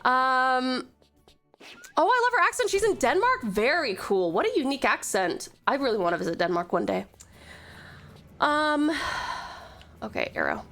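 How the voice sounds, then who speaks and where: A woman's voice: sits high, big pitch swings, measured pace, long pauses, a bit bright, faint music behind. A woman from Tasmania, streaming a game, gushing over her chat with pet names and swearing freely. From Tasmania, Australia. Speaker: VTuber streamer.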